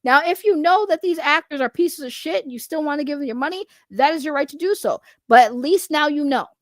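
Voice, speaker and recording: High-voiced blunt woman streamer. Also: animated, fairly quick, dry recording. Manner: rambling, blunt, swears casually, laughs often. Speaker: online commentator. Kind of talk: casual livestream commentary.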